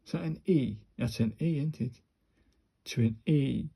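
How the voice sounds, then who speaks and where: A man slowly talking his viewers through handwriting practice, muttering each stroke as he writes. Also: medium pitch, gravelly, warm tone, husky. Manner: slow, muttering step-by-step to himself and viewers. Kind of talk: casual narrated handwriting practice.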